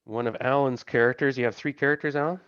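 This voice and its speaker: A man's voice: mid-range voice, fairly even intonation, fast, a bit bright, smooth, no echo, lo-fi sound. A man casually running a tabletop game as game master, thinking aloud and laughing along with his players.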